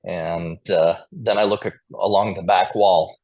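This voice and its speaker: In a casual storytelling interview, a Montana man who calls square dances shares anecdotes with occasional chuckles. He speaks a little slowly in a low, steady voice with a darkish tone, and the sound is lo-fi.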